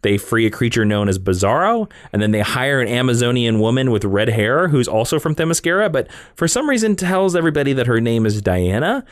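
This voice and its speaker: A man's voice: medium pitch, very animated, a little fast, hardly any pauses, no echo, clean studio sound. A man hosting a casual comic-book podcast, talking with enthusiasm and acting out character quotes. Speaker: podcast host.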